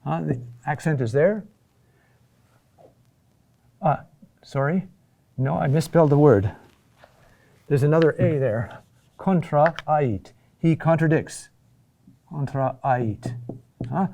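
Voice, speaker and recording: A man teaching a class on chant, slow and halting, often repeating key words and checking in with "huh?". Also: on the high side, vocal fry, dark tone. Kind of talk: classroom lecture.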